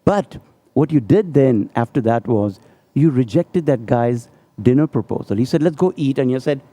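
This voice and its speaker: A man hosting a radio talk show in a studio, chatty and animated as he retells scenes to his guest. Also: mid-range voice, moderate pace, dry recording.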